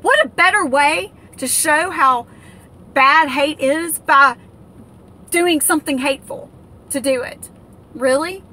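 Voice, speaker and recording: A woman's voice: sits high, takes it slowly, long pauses, sharp tone. An American woman in an angry, indignant political rant, stumbling over fillers and restarts as she vents. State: livid. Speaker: political vlogger.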